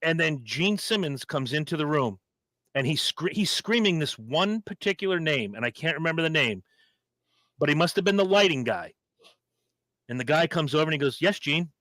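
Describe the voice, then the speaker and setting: Male podcast co-host in his fifties, animated storyteller, bright tone, dry close sound. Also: fairly high pitch, moderate pace, dry recording. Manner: animated storyteller, acts out quotes. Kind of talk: casual chat.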